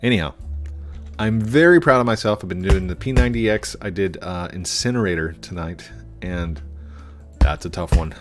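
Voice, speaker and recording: A man's voice: low voice, moderate pace, music in the background. A man chatting casually and rambling while he plays a game, easily distracted. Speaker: gaming YouTuber. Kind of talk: casual gameplay commentary.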